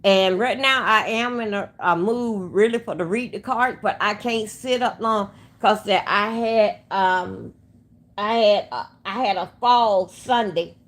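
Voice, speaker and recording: A woman with a mid-range, slightly slow voice hosts a casual livestream on her phone mic. She rambles along and speaks straight to her chat.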